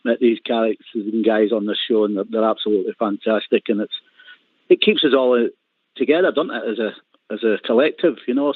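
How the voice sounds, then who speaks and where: A man's voice: on the low side, dry recording. A man co-hosting a football phone-in, talking hesitantly with many restarts. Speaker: co-host. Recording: dry tinny phone line.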